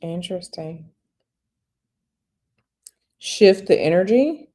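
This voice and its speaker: A woman's voice: on the low side, expressive, slow pace, warm tone. A woman giving a live-stream tarot reading, speaking conversationally and repeating phrases for emphasis. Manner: reads viewer questions aloud and answers directly. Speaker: tarot reader.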